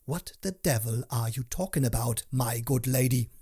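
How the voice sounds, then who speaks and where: Guy putting on a shouty pirate captain, blustering, slow and husky. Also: medium pitch, sing-song, no echo, clean studio sound, full character voice. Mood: posh. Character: blustering loud middle-aged pirate captain.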